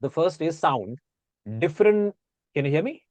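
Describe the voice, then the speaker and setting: A man's voice: a little high, lively intonation, moderate pace, darkish tone, dry recording. A man with an Indian accent, chatting casually as a guest and explaining pronunciation by repeating example words aloud.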